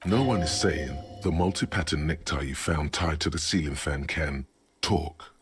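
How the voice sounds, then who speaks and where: Deep, raspy, wry narrator for a video game. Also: male voice, normal speed, soft background music, heavily acted.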